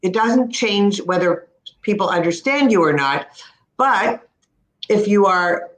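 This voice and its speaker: A woman with an Ontario Canadian accent explains pronunciation in an easygoing talk over a video call. Her pitch sits at a middling level for a woman. The sound is roomy, with the room's echo clearly around her voice. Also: lively intonation. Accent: Ontario Canadian English. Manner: warm explaining, demonstrates pronunciations slowly. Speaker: speech-language pathologist guest. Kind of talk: casual explanatory chat.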